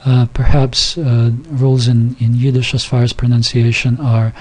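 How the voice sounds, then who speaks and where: A man's voice: medium pitch, little pitch movement, normal speed, a little mellow, breathy edge. A man giving an informal recorded lesson, reading from a textbook and explaining pronunciation with many fillers and restarts, sounding out example words carefully. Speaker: Yiddish teacher.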